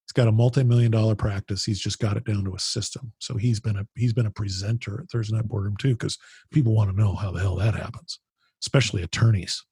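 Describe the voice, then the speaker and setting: A man being interviewed as a podcast guest, telling animated, rambling stories with frequent restarts and the odd swear. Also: lowish voice, quick pace, husky, no echo, studio quality. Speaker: podcast guest, founder of a business mastermind group. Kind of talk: casual storytelling conversation.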